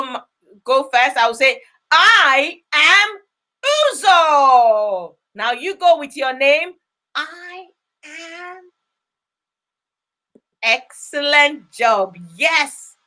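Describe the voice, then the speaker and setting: A woman's voice: high voice, bright, forceful tone. A woman hosting a live children's read-along, chatting with young viewers and coaxing them to answer. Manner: encouraging, coaxing answers from kids.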